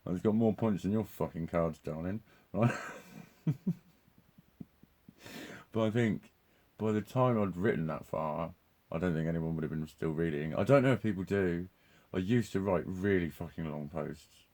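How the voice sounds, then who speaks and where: Male vlogger with a deep, warm voice, loose and profane, breaks into laughs. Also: moderate pace. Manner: swears constantly, laughs often, restarts sentences. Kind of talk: rambling live monologue.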